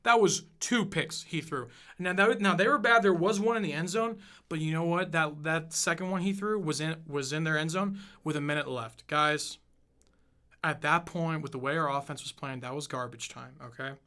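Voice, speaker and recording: Casting: high, bright-voiced man in his 20s, profane podcast host, rants with fired-up emphasis. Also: moderate pace. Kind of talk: casual sports rant.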